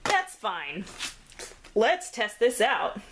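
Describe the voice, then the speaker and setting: A woman's voice: mid-range voice, big pitch swings, drawn-out words, slight background noise. A woman chatting casually while making a craft, self-deprecating and laughing often, a little out of breath. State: slightly out of breath. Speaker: craft vlogger.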